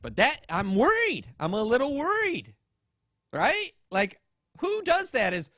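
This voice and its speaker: Casual podcast guy rambling on, swears a lot, acts out what people said, slightly high voice. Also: a little slow, no echo, studio quality. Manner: animated storytelling, swearing, acting out quotes. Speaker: podcast host.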